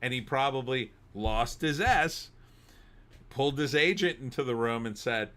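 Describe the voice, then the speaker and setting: A middle-aged man, hosting a livestream and telling animated stories between reading chat comments, sometimes bursting into shouting. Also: mid-range voice, measured pace. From New Jersey. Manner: animated storyteller, bursts into shouting when riled. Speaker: host.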